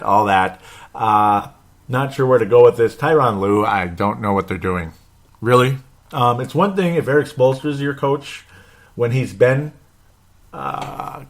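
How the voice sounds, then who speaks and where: A man hosting a sports podcast, rambling and blunt, with mild swearing and frequent chuckles. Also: lowish voice. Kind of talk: casual sports commentary podcast.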